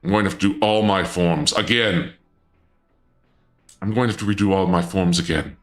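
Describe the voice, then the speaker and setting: A man streaming casually in a dark lord persona, flustered and indignant, stammering and restarting often, with sudden high-pitched outbursts. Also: moderate pace, faint music behind.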